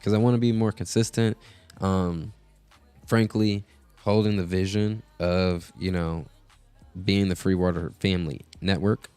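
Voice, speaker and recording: Low, creaky-voiced man hosting a stream. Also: darkish tone, dry recording. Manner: rambling, many filler words. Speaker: host. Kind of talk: casual live stream chat. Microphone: podcast mixer setup.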